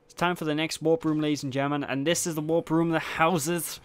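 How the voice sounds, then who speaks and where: A man's voice: a little high, flat delivery, brisk, dry recording. Jokey gaming commentator man. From Wales. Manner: chatty, jokey, addresses viewers directly. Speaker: let's play host. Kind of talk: casual gameplay commentary.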